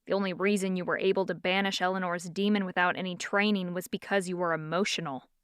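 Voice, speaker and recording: A woman narrator voicing a condescending, stern young man who hunts demons, speaking low and curt in an audiobook. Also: steady tone, fast talker, smooth, no echo, studio quality, lightly acted. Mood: scornful. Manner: curt, scornful.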